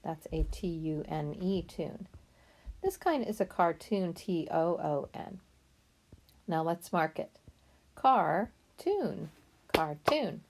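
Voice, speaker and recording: A woman's voice: low voice, gravelly, a little mellow. A woman teaching a phonics lesson to children, patiently spelling out words letter by letter and praising them often. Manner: encouraging.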